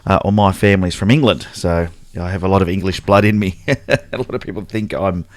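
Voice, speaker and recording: An Australian man with a deep voice hosts a loose, casual photography livestream, greeting viewers by name as he chats. He speaks fairly quickly, and the recording is dry.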